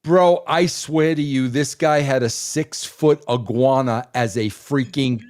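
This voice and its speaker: A man telling a story on a talk podcast, excitable and emphatic, always addressing the host as "bro". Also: mid-range voice, unhurried. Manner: excitable, swears for emphasis, keeps saying "bro". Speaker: guest.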